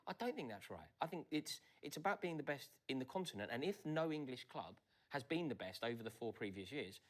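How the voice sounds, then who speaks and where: A man's voice: mid-range voice, very animated, fairly quick. A man working as a football pundit, arguing his case point by point in a studio panel debate. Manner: argumentative, reasoning point by point.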